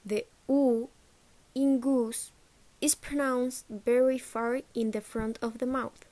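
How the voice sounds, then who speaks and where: A woman reading a presentation on accents, slow and careful, sounding out example words. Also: a little high, little pitch movement, mellow.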